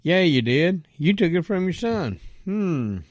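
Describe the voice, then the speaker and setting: A man with a drawl, speaking from a fairly high register, rants bluntly and curses freely, as if talking straight to his target. The recording is close and dry, with no room sound. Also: sing-song, a little slow, no echo. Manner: blunt and profane, addresses a politician directly. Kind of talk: angry political rant.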